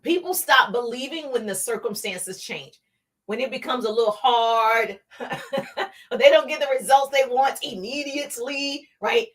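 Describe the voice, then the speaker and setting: Brief: middle-aged woman, motivational live-stream coach, high voice, punchy and repetitive. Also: a little slow, fairly bright tone, recorded from a distance. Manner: emphatic, repeats key lines, calls to the chat. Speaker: motivational speaker, home-business coach.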